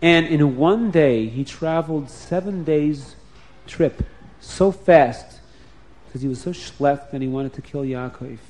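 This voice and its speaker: A man narrates a story to children with lively, dramatic expression, often turning to speak to them directly. His voice sits slightly high for a man. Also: slow pace.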